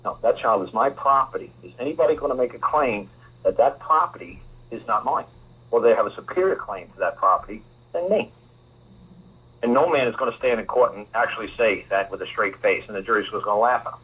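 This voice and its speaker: A man hosts a talk radio show and lectures a caller in an emphatic, repetitive way. His voice is husky. The broadcast sounds muffled and lo-fi. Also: mid-range voice, lively intonation, a little fast, a bit bright.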